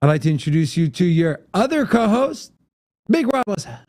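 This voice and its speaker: A man's voice: high-pitched, big pitch swings, moderate pace, a little mellow. A man co-hosting a casual crypto livestream, tired from no sleep, teasing his co-host and walking through charts. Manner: joking, teasing, then explaining charts.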